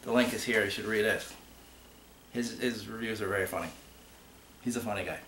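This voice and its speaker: Co-hosting a laid-back online podcast, a man with a lowish, fairly bright voice speaks fairly quickly. He chats and tells rambling stories while answering viewer questions, often restarting his sentences, in an echoey room with faint hiss.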